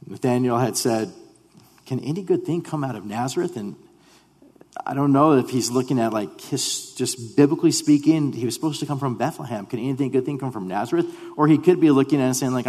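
A man's voice: medium pitch, brisk, darkish tone. A man delivers a sermon as pastor in an earnest, conversational manner, often stumbling and restarting his phrases. His voice has a slight huskiness. The sound carries a long reverb from a church sanctuary.

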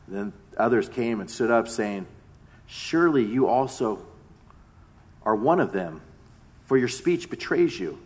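A man preaching a sermon, retelling a story with dramatic swings between loud emphasis and hushed tones. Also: mid-range voice, measured pace, pauses often.

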